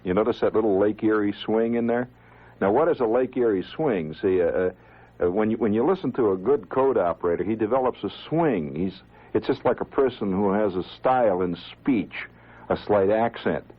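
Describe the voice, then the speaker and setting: A man and amateur radio operator giving an informal, animated talk to listeners, chuckling now and then and often restarting his sentences. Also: lowish voice, moderate pace, slightly rough, lo-fi sound.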